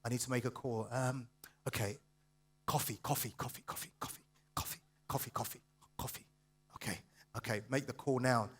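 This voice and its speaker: Low quiet mumble, distracted office worker talking himself out of a call, put on by a man. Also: huge pitch swings, a little fast, heavily acted. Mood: distracted mumbling.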